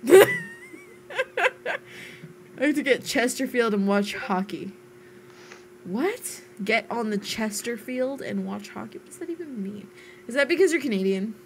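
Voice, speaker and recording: Unhurried, playful woman streamer. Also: on the high side, expressive, slight background noise. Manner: playful, giggly, self-teasing. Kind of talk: casual chat while live-streaming a game.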